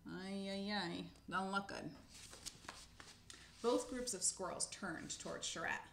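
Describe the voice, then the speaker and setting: A woman's voice: mid-range voice, slow pace, creaky, a bit bright, a little hiss or hum. Woman, storybook reading, casual asides, echoey room. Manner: casual, with spoken asides and self-corrections. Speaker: narrator. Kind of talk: reading a children's book aloud.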